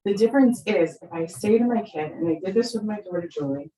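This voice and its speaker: A woman's voice: mid-range voice, quick pace. A middle-aged woman speaking to an audience about parenting, telling stories and acting out the voices in them. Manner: animated, acts out quoted voices. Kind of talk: storytelling talk to an audience. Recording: roomy sound from far off the mic.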